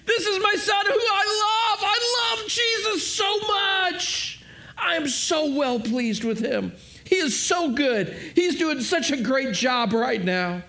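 A man's voice: very high voice, expressive, takes it slowly, voice pushed up, heavily acted, low-quality recording. A man voicing God the Father as a proud, joyful heavenly father. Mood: jubilant. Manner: shouting, overflowing with emotion.

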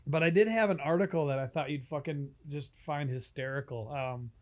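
Laid-back swearing man, higher voice. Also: a little fast. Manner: laid-back, swears a lot, laughs often. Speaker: podcast co-host. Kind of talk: casual crude chat.

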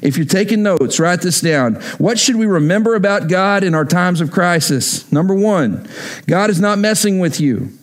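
A man's voice: high voice, expressive, normal speed. A male pastor preaching a sermon emphatically, repeating his key lines for effect.

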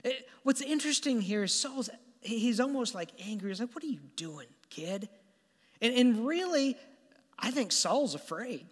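A man preaching a sermon as animated, conversational storytelling with stammered restarts, in a church hall. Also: extremely high pitch, moderate pace. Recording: long hall reverb.

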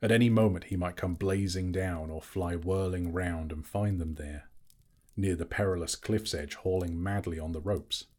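Man, audiobook narration, low voice, husky, measured and dramatic. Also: steady tone, a little mellow. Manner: slow, measured and dramatic reading. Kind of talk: scripted storybook narration.

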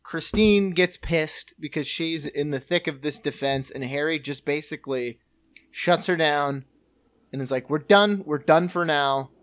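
Chatty man recapping with a slightly higher voice. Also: a little slow, no echo. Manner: relaxed storyteller, acts out quotes, laughs often. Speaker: podcast co-host. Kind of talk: casual episode recap chat.

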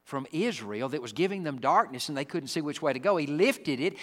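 A dramatic preacher, a man whose fairly high voice leaps up and down as he acts out the story in his sermon. He swings from booming lines to near whispers, and the sound carries a long echo through the hall. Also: lively intonation, brisk, hardly any pauses. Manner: dramatic, acts out the Bible figures, swings from loud to hushed.

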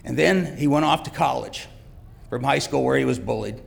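A man's voice: mid-range voice, moderate pace, vocal fry. A middle-aged man giving a heartfelt, emotional personal testimony in a church. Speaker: church guest speaker, father. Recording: long church reverb.

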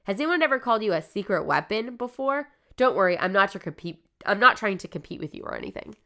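A woman's voice: mid-range voice, sing-song, fast talker, gravelly, bright, forceful tone. A woman hosting a podcast, casually retelling a story in a loose, profane way, full of "like". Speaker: podcast host.

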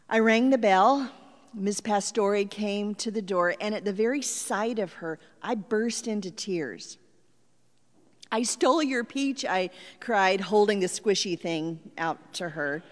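Slow-spoken woman pastor in reverberant hall. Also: mid-range voice. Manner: reflective, gently paced personal storytelling. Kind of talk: sermon storytelling.

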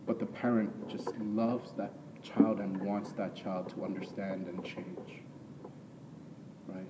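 A pastor with a lowish, level voice preaches slowly and conversationally, often checking in with "right?" before rising into emphatic bursts. He sounds far from the mic, with a long hall reverb, faint ambience and heavy background noise.

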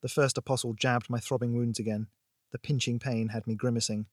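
A man narrating a thriller audiobook in a steady, expressive storytelling voice. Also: mid-range voice, a little fast, no room sound, studio quality.

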